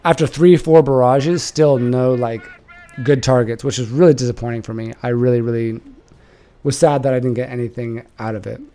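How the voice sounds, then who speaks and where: A young man shoutcasting a strategy game he played in, casual and animated, swearing and laughing. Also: mid-range voice, moderate pace.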